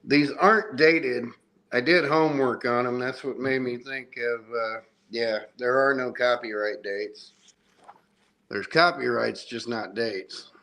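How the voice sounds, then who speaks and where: A man's voice: mid-range voice, measured pace, creaky, pushed and bright. A middle-aged man hosts a loose podcast chat. He rambles along with easy enthusiasm, his voice sitting in an ordinary middle range. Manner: rambling, enthusiastic show-and-tell. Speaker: podcast host. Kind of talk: casual chat showing comics.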